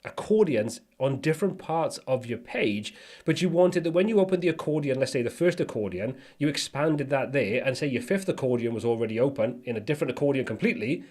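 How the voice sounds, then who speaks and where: A man's voice: mid-range voice, animated, brisk, darkish tone. Chatty man hosting a livestream. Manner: chatty, reads viewer comments aloud. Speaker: livestream host. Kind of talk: casual live-stream chat.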